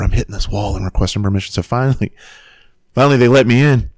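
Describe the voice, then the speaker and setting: Deep-voiced dude telling a wild story, swears a lot, super dry close sound. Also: male voice, fast talker, dry recording. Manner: profane, animated storyteller. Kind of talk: casual storytelling.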